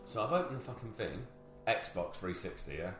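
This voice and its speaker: Lively low-voiced man, roomy echo. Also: moderate pace. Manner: swears freely, laughs through his stories. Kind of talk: casual storytelling chat. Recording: roomy echo with guitar music behind.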